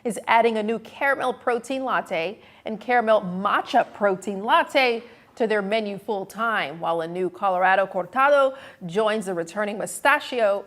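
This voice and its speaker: A woman reading local TV news stories in a clear, even newsreader delivery. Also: medium pitch. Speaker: news anchor.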